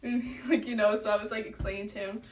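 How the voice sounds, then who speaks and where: A woman's voice: medium pitch, level tone, fast, a little hiss or hum. A young woman telling a casual storytime vlog, chatty, laughing often and filling her talk with "like". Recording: echoey room, distant from mic.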